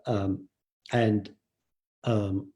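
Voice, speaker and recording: An older man giving a relaxed dharma talk, telling stories with fillers and acted quotes. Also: fairly low pitch, extremely slow. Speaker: meditation teacher.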